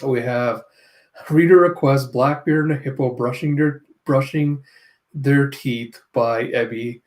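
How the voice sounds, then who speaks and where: A man's voice: mid-range voice, steady tone, a little mellow. A man reviewing a comic chapter in a casual read-through, narrating panels with off-hand, sardonic asides. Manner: narrates panels, slips into quick character voices. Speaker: manga reviewer.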